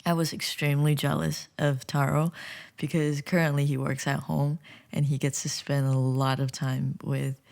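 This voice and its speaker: Low gravelly chatty woman vlogger. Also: normal speed. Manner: chatty, animated, drops to whispers. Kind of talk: casual storytelling.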